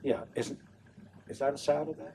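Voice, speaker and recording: An older man from New Orleans, an opera tenor and director, chatting in an interview in an animated way and laughing often. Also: fairly high pitch, normal speed, creaky, far from the mic, a little hiss or hum. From New Orleans, USA. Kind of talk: casual interview chat.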